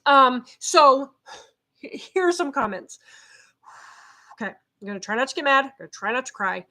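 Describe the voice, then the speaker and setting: Middle-aged woman vlogger, a bit high-pitched, feisty and loud, fired up and talking straight to camera. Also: animated, normal speed. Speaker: behavior consultant. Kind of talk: casual vlog talk to camera. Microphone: camera set up at home.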